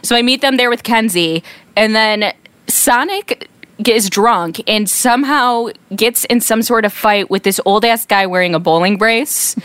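A woman's voice: a little high, measured pace, a bit bright, clean tone, no room sound. A woman on a video call, chatting casually and prompting and adding to stories.

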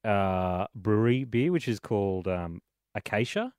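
A producer chatting on air, casual and a little hesitant. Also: male voice, fairly low pitch, expressive, a little slow, a little mellow, clean tone, no echo, studio quality. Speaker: radio producer. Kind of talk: talkback radio chat.

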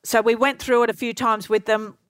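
Aussie woman, middle-aged, spinning a lively story in an interview, voice a bit high, dry close sound. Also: brisk, clean tone, no echo. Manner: lively anecdotal storyteller, acts out quotes. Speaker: guest.

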